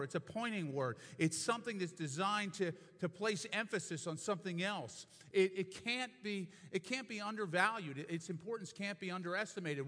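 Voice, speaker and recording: A man's voice: high voice, a bit bright. A man preaching a sermon as pastor, explaining a passage carefully and then building to emphatic, repeated points. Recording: long hall reverb.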